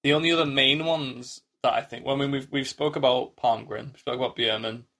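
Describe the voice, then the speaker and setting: A man's voice: medium pitch, fairly even intonation, a little fast, bright, forceful tone. This is a man with an ordinary mid-range voice talking casually on a podcast. He rambles and restarts a lot, and he slips into little acted-out quotes while he recaps. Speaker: podcast co-host. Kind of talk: casual chat.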